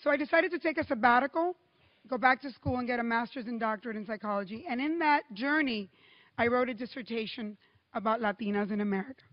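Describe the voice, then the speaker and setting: A middle-aged woman from Cuba giving a keynote speech to a conference audience, telling stories with lively, emphatic pauses. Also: a little high, highs cut off. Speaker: keynote speaker. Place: large hall. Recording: long hall reverb.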